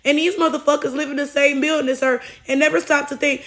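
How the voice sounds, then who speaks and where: Lady w a high voice telling a story, swearing nonstop, keeps asking right?. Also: fairly even intonation, quick pace, hardly any pauses, a bit bright. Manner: blunt, profane, heated; frequent tag questions. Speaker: storytelling vlogger. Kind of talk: casual storytime rant.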